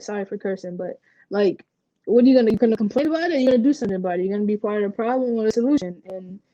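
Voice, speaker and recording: A young woman from Puerto Rico talks candidly as a guest in a casual interview. She tells her stories in an animated way with lots of fillers. Her voice is dark and dull, recorded dry with no room echo. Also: a little high. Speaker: interview guest, professional basketball player.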